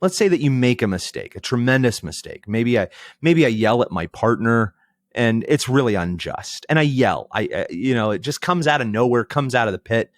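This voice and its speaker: A man in his thirties talks through ideas as a podcast guest, like a reflective storyteller. His pitch moves in lively swings for emphasis. The sound is dry and close. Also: normal speed, no echo. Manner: thoughtful, storytelling, emphatic asides. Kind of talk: reflective conversational explanation.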